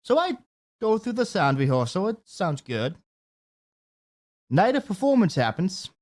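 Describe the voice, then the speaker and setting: Animated guy co-hosting a podcast, kinda high voice, swings up and down a lot, laughs while telling stories. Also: a little slow. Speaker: podcast co-host. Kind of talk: casual chat. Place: podcast studio.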